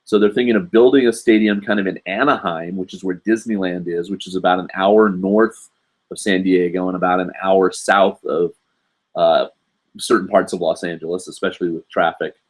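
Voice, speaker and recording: A man in his forties from the United States hosts a live online show and talks casually with viewers. His voice sits low. He rambles from one aside to the next, with plenty of ums and uhs. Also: fairly even intonation, moderate pace. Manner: rambling, lots of fillers and asides. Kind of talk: casual live stream chat.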